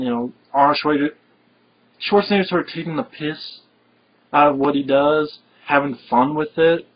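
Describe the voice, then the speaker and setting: A man talking casually and enthusiastically about an action movie he loves, rambling with many fillers. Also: fairly high pitch. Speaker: film reviewer. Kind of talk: casual film review chat. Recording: dull lo-fi recording.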